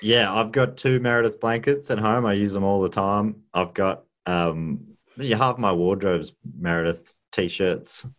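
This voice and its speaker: A man's voice: lowish voice, measured pace, fairly bright tone. A man hosting a podcast, chatting casually with wry, rambling asides. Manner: rambling, self-interrupting, wry. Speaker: podcast host. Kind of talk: casual chat.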